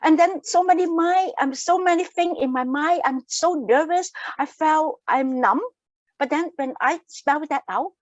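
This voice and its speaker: A woman with a high voice presents a wellness workshop over a video call, earnest and explanatory. She restates her key phrases to drive them home. The laptop audio is dull and dry. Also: a little slow, dry recording. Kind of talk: online wellness workshop talk. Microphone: laptop mic on a video call.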